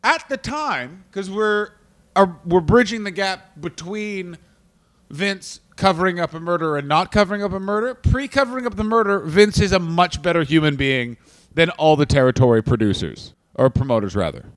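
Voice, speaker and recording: A Canadian man, a stand-up comedian co-hosting a casual comedy podcast, talking fast and profanely. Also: high voice, lively intonation. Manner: fast, profane, riffing into silly voices.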